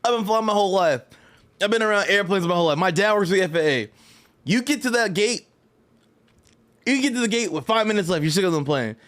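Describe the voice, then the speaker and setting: A man telling a story in a casual vlog, animated and profane, full of slang and rambling asides. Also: high-pitched, fast talker, long pauses. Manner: loose, rambling delivery with frequent "right?". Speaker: fighting game vlogger.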